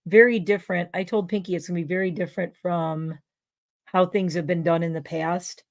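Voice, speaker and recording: A dog trainer hosting a casual livestream, this woman rambles with lots of fillers. She speaks briskly in a lowish, steady voice with vocal fry.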